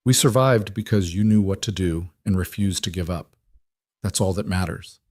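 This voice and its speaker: A man voicing a young woman who speaks softly and earnestly. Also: low-pitched, moderate pace, no echo, clean studio sound. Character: young woman, exhausted, tender.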